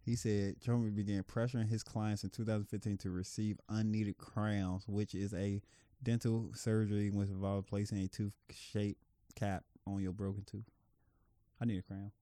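A man's voice: lowish voice, normal speed, no room sound. Man, podcast co-host, casual chat, argumentative, swearing, dry close sound. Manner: animated, argumentative, swears freely.

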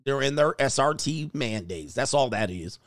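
A man's voice: medium pitch, expressive, normal speed, a bit bright, no room sound, studio quality. A man hosting a reaction commentary show, talking in a crude, joking, mocking way.

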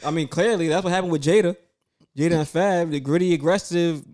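A man co-hosting a casual chat, talking in an animated, blunt way and arguing his point. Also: fairly high pitch, brisk.

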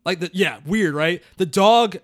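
A man co-hosting a movie-review podcast in casual chat, telling stories in an animated way and swearing casually. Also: sits high, a little slow, no echo, studio quality.

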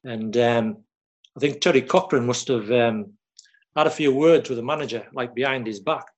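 A man, a former footballer who tells stories haltingly, repeating words and quoting others. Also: mid-range voice, dull audio. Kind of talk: casual storytelling chat.

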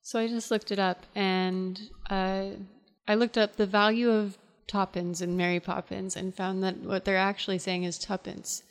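A woman's voice: medium pitch, level tone, moderate pace, clean tone. A tired woman co-hosting a casual podcast chat, patiently explaining and reading facts aloud. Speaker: podcast co-host. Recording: long hall reverb.

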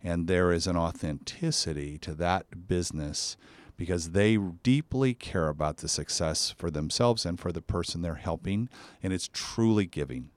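A man's voice: low voice, normal speed, few pauses, no room sound. A man hosting a podcast in casual chat, effusive and enthusiastic in his praise. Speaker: podcast host.

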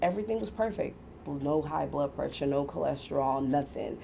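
A woman's voice: low-pitched, normal speed, creaky, slight background noise. A woman in her thirties casually telling a personal story, acting out what others said. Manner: animated, acts out quoted voices, laughs often.

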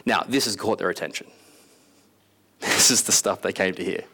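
A man preaching a casual sermon in an animated, conversational way, acting out scenes with voices. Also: deep voice, measured pace, pauses often, slightly rough.

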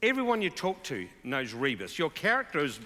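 A man's voice: on the high side, huge pitch swings, fairly quick, pushed and bright. A man hosting an onstage conversation, chatty and upbeat with fillers. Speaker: interviewer. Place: large hall with live audience. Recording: reverberant large hall.

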